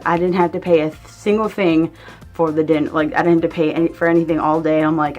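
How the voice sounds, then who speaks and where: A young woman with a fairly low-pitched voice tells a casual vlog story. She rambles, swears without a second thought and fills nearly every sentence with "like". Faint music plays underneath her. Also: steady tone, fast, darkish tone. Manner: rambling, heavy use of "like", swears freely. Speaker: vlogger.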